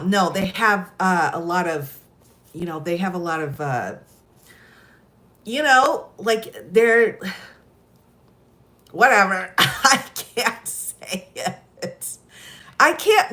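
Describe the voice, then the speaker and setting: A woman chats casually on a live stream, telling stories, giggling, and laughing often. Her voice is a little high and a bit bright.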